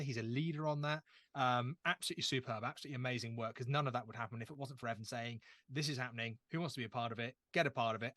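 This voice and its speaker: A young man runs a tabletop horror game as game master, setting the scene in actual-play narration with a chatty, self-deprecating style. His voice is mid-range and a bit bright, and the recording is dry.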